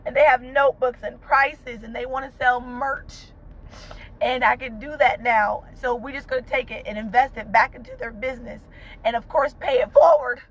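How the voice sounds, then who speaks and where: A woman's voice: on the high side, fairly even intonation, normal speed, low-quality recording. A woman vlogger and mother, crying as she talks to viewers from inside a car in a fervent, emotional way, repeating uplifting phrases. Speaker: vlogger, mother of two young entrepreneurs. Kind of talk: emotional casual talk to viewers.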